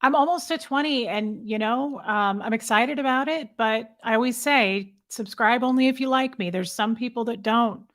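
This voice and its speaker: A woman in her thirties, a guest creator, chatting candidly and quickly in a friendly way. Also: fairly high pitch, a bit bright. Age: 30s. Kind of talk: casual conversation.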